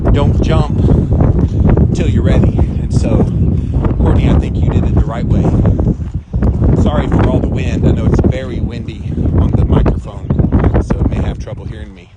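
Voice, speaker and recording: A man's voice: mid-range voice, normal speed. A middle-aged man hosting a casual live stream outdoors, greeting viewers by name and chatting about his ice bath routine. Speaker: host. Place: outdoors on a windy day. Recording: wind noise on the mic.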